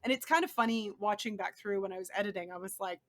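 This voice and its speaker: Young woman as an interview guest; bright, tense timbre, enthusiastic and full of restarts. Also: mid-range voice, quick pace. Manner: enthusiastic, laughs often, many restarts. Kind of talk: casual interview chat.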